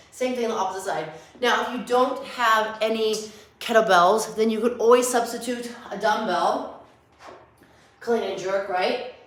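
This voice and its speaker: A woman fitness coach with a scratchy voice from allergies, talking through lifts as she demonstrates them and correcting herself along the way. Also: mid-range voice. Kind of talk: workout tutorial. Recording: very echoey room.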